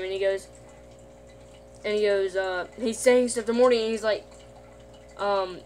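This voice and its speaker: A woman's voice: medium pitch, steady tone, unhurried, pauses often, a little mellow, a little hiss or hum. A woman casually recapping an episode in a rambling way, with lots of fillers and restarts.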